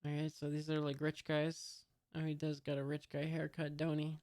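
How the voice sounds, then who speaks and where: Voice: mid-range voice, monotone, normal speed, a little mellow, no echo, clean studio sound. A host reading a comic aloud for the first time, hesitant and commenting along, reading out sound effects and punctuation.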